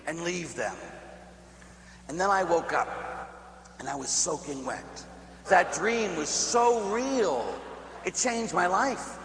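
A man from Pittsburgh, a priest, preaching a sermon as a lively storyteller who acts out voices and laughs at his own tale. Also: high voice, normal speed. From Pittsburgh, USA. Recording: echoey hall with faint hum.

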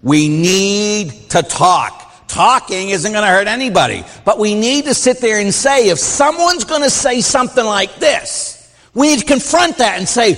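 A middle-aged man, a Catholic priest, teaching a class in an informal, animated way and acting out the voices he quotes. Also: high-pitched, a little slow, big-room sound.

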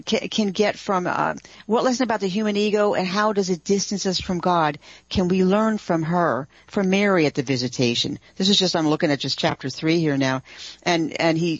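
A woman guest on a radio talk show, eager and animated, talking as a writer and researcher. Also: on the low side, normal speed, no room sound, dull audio. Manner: eager, animated, laughs easily. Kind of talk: radio interview chat.

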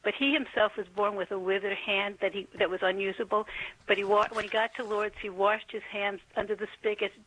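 A woman's voice: mid-range voice, level tone, a little fast, a bit bright, dry recording, poor audio. A woman calling in to a radio show by phone, telling a story in earnest, careful detail. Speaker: caller. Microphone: telephone.

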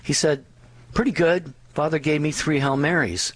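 A man's voice: on the high side, steady tone, moderate pace, fairly bright tone, no room sound. A man co-hosting a religious radio show, reading and telling jokes in an easygoing way.

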